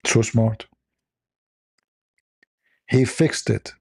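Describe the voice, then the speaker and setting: A man's voice: medium pitch, drawn-out words, creaky, a little mellow, breathy edge, no room sound, clean studio sound. A man hosting a stream, speaking as an in a sarcastic, mocking commentary style. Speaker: livestream host.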